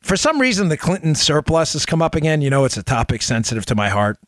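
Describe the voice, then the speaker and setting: A man hosting a political talk show, giving opinionated commentary full of sarcasm and mocking quotes, rising to loud outbursts and dropping to low asides. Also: very animated, fast, no room sound, clean studio sound.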